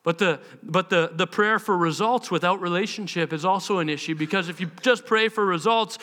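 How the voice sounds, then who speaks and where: A pastor preaches live in church at a normal speed, his high, sharp voice barely pausing. Earnest and full of passion, he performs prayers and mimics the voices of others.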